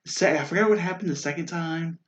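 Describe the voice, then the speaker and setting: A man's voice: a little high, brisk. A man giving a casual, enthusiastic spoken review, rambling with lots of fillers and restarts. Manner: excited and enthusiastic. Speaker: YouTube show reviewer. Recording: dull lo-fi sound.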